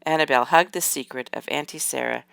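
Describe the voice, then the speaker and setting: Bright, crisp woman reading a storybook. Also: low voice, fast talker. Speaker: reader. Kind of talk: reading a children's book aloud.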